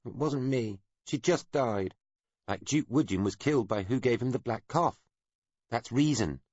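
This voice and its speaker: A man's voice: medium pitch, expressive, unhurried, a little mellow, dry recording, highs cut off, pitched above the performer's own voice. A man voicing a small child who keeps denying a cruel accusation, close to tears. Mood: defensive. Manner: defensive, tearful.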